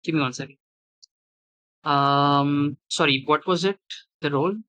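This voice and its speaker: A man with a fairly high, bright voice guides players through a creepy forest as game master. He stumbles, restarts and fills gaps while making up the scene on the fly. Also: fairly even intonation, smooth, low-quality recording. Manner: halting, many restarts and fillers while improvising. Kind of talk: narrating a tabletop horror game.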